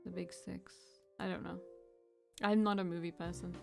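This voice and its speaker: A woman's voice: on the low side, little pitch movement, normal speed, creaky, pauses often, a little mellow, soft background music. Woman casually reading a game aloud. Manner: reads lines then chats and jokes about the slang. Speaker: streamer reading a visual novel aloud. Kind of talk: casual let's-play reading with asides.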